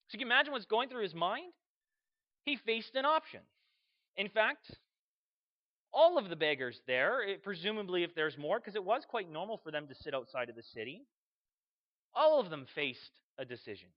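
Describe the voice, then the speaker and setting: A man preaching a sermon, telling the story with animated energy, acting out voices and sometimes shouting. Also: high voice, moderate pace, pauses often, dull audio.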